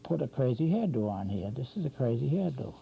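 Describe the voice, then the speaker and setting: A man's voice: mid-range voice, very animated, fairly quick, creaky. Older man, cartoon drawing teacher, chatty and meandering, muffled old TV sound, light background hum. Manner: rambling, talks while drawing, self-correcting. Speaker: drawing instructor. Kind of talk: casual drawing demonstration. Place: local TV studio. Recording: dull lo-fi 1990s community TV audio with faint hum.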